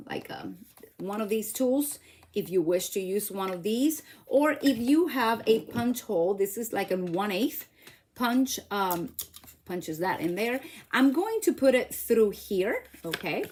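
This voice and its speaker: A woman's voice: on the high side, darkish tone. A middle-aged woman hosting a casual crafting demo at home, chatty, laughing at herself and talking to viewers as she works. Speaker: craft channel host.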